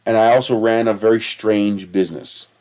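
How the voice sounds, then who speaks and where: A man's voice: fairly low pitch, steady tone, moderate pace, mellow. A man hosting a casual livestream, telling rambling stories with a lot of swearing and laughing at himself. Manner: digressive, profane, laughs at his own stories. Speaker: livestream host.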